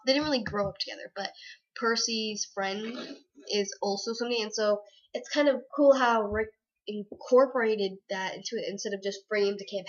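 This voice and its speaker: A woman's voice: medium pitch, highs cut off. A young woman gushing about a book in a chatty, giggly way. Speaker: book reviewer. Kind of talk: casual book review chat.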